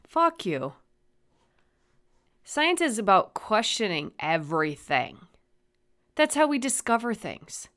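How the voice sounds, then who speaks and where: A woman hosting her own podcast, rambling and swearing, moving from flat musing into heated ranting. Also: medium pitch, a little slow. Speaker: podcast host. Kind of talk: solo podcast rant.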